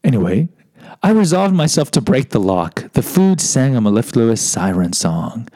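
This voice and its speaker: A man's voice: mid-range voice, very animated, moderate pace, warm tone, dry recording, rough recording. A man in his fifties telling a rambling personal story, digressive, wry and self-mocking.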